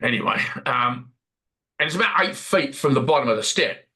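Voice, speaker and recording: A man's voice: medium pitch, expressive, normal speed, sharp tone, low-quality recording. An Australian man playing a chatty warehouse supervisor who rambles, repeats himself and recounts what others said during a role-played workplace investigation interview. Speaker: workplace witness being interviewed.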